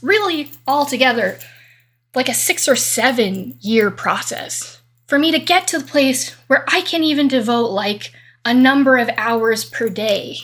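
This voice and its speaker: Woman, high husky voice, emphatic, aggressive edge, swearing, solo rant. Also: fairly bright tone. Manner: swears freely. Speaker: vlogger. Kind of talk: monologue rant.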